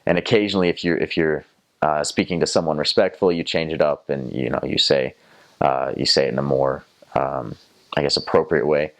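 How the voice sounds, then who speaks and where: A man's voice: a bass voice, steady tone, a little fast, vocal fry. A young man casually recounting the languages he learned, rambling with lots of fillers and sounding out foreign words as he goes. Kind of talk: casual storytelling to camera.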